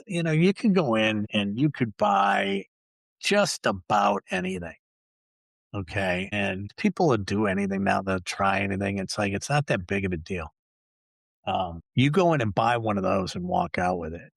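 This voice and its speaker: Gravelly low-voiced man ranting bluntly. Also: a bit bright, no room sound. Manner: blunt, profane, sarcastic ranting. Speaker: podcast host. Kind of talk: ranting solo talk show.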